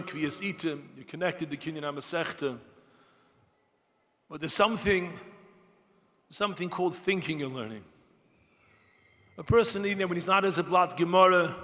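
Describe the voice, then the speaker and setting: A man giving a sermon to a large gathering as a rabbi, impassioned and building to shouted cries. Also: high voice. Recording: long hall reverb.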